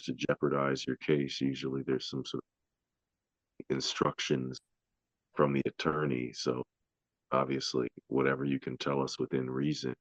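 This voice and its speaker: A man from the United States hosting an interview podcast, asking slow, measured questions. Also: a bass voice, no echo, dull audio. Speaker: podcast host.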